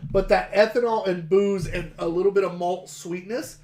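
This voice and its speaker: A man's voice: sits high, normal speed. Laid-back man reviewing a beer. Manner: relaxed, swears casually, describes beer flavors. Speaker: podcast co-host. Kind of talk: casual beer-tasting chat.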